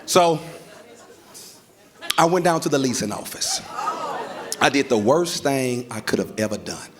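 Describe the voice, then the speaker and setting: A man's voice: mid-range voice, unhurried, a crowd in the background. A male stand-up comedian telling a story on stage, acting out voices and sound effects. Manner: animated, acts out voices and sounds. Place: comedy stage before a live audience. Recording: live stage recording with audience laughter.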